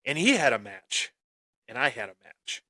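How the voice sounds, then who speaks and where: A man's voice: mid-range voice, sing-song, moderate pace, sharp tone, no room sound. A man hosting a wrestling podcast, telling a boastful, taunting story in his wrestling persona. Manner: swaggering, taunting, dramatic. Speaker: podcast host.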